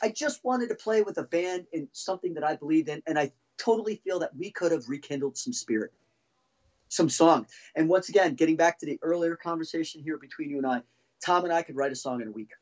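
A man's voice: fairly high pitch, fairly quick, darkish tone, muffled recording. A middle-aged man, a former band drummer, telling heated, profane stories as a podcast guest. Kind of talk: casual storytelling.

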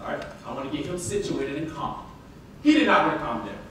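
A man with a Southern US accent, an elementary school teacher, telling a story in a lively speech and acting out the lines he quotes. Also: quick pace, a little hiss or hum. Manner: animated, acts out quotes with big pitch jumps. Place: large hall. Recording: echoey hall recording from far off.

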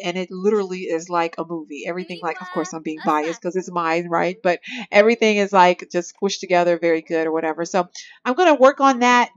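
A woman's voice: fairly low pitch, muffled recording. A young woman chatting casually as she plays a life-simulation game, laughing often and playfully voicing the characters. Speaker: let's-play host. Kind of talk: casual gameplay commentary.

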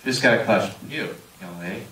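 A man's voice: on the low side, lively intonation, fairly quick, a bit bright, a little hiss or hum. A man runs a cinema Q&A, cheerfully calling on audience members and repeating their questions for the room. His voice comes from a distance and rings in the large auditorium. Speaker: Q&A moderator. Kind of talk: hosting a live audience Q&A. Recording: roomy hall, distant mic.

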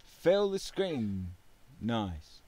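Slow-talking man hosting a game channel. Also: medium pitch, big pitch swings, a little mellow, dry recording. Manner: rambling and wry, with many fillers. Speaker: gaming channel host. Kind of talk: casual gaming commentary.

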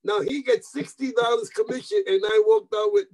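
An older man from New York, an interview guest telling animated stories, repeating words, mixing in Spanish phrases and acting out the voices of people he quotes. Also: very high-pitched, normal speed, rough recording. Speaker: guest musician. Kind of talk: anecdotal interview storytelling.

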